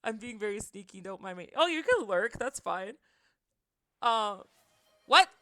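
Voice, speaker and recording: A woman chatting on a home livestream, rambling and giggly, with many filler words and sudden excited reactions to her chat. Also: mid-range voice, unhurried, long pauses, dry recording, faint music behind. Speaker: streamer.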